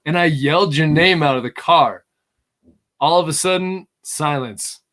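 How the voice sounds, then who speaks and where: A middle-aged man hosting a podcast, telling a story in a casual, animated way and laughing often. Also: a little high, a little slow. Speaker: podcast host.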